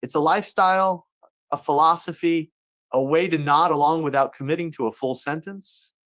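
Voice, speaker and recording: A man's voice: fairly high pitch, normal speed, fairly bright tone. A man hosting a comedic monologue show, joking around and putting on folksy voices. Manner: jokey, playful asides and put-on folksy voices. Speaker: host.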